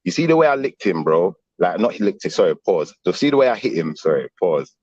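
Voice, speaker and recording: A middle-aged man, telling a story in animated street slang on a casual stream panel. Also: deep voice, quick pace, muffled recording. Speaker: panel guest.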